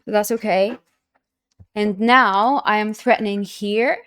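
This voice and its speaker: A woman's voice: medium pitch, takes it slowly, clear, resonant tone. A young woman streaming chess, thinking aloud anxiously, then reviewing the game in a chatty way. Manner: anxious, repeats herself when stressed; bursts into loud excited cries.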